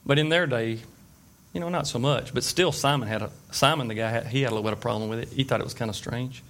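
A man's voice: mid-range voice, fast, fairly bright tone. A man preaching an informal sermon, retelling scripture stories in a conversational way and checking in with his listeners. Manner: conversational storytelling with fillers and asides.

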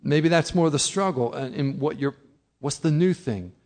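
A man's voice: fairly high pitch, normal speed, darkish tone. A middle-aged man preaching a sermon in a conversational way, acting out his listeners' objections. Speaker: pastor.

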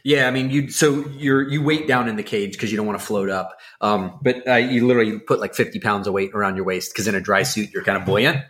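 A man co-hosting a podcast, telling a story in a casual, excitable, rambling way with lots of fillers. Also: fairly low pitch, a little fast, few pauses. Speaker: podcast co-host.

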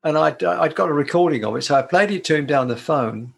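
An older man from the United Kingdom tells stories about his career as a guitarist. His voice sits slightly high for a man, and he talks in a warm, rambling way, often stopping to restart a sentence. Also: expressive, a little fast, vocal fry, slightly rough. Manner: warm, chatty, with frequent restarts. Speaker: guitarist and performer, interview guest. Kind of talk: casual anecdotal storytelling.

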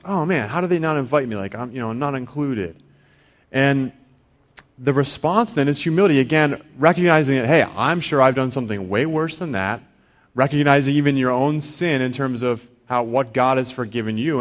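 A middle-aged man giving a sermon in a relaxed, conversational way. He often restarts with repeated words and briefly acts out other people's inner voices. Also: medium pitch. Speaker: preacher.

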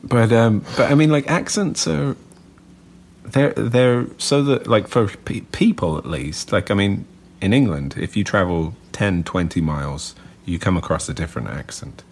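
A man's voice: on the low side, lively intonation, normal speed, darkish tone, a little hiss or hum. A man co-hosting a podcast, chatting casually with an eager, musing manner. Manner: enthusiastic and musing. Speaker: podcast co-host. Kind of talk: casual chat.

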